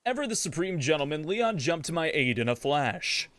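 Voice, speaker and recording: A streamer man narrating as a sarcastic young woman, with wry, deadpan asides over faint music. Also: fairly high pitch, normal speed, dry recording. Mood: snarky. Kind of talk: comedic in-character narration.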